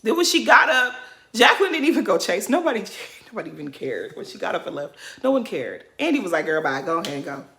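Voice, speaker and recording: A woman's voice: fairly high pitch, big pitch swings, fast, creaky, a bit bright. A woman giving casual reaction commentary, blunt and sassy, laughing as she rants. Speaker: reality TV commentator.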